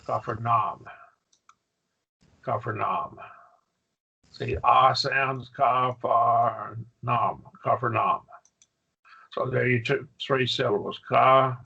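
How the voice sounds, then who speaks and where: A man's voice: medium pitch, flat delivery, a little slow, gravelly, pushed and bright, breathy edge, dull audio. A man teaching a Greek grammar class, patiently quizzing his students with questions. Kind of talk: classroom lesson.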